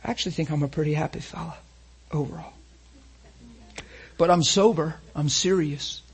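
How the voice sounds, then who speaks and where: A man preaching a sermon with intensity, moving between loud emphatic lines and hushed near-whispers and putting rhetorical questions to his listeners. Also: on the high side, normal speed, slightly rough.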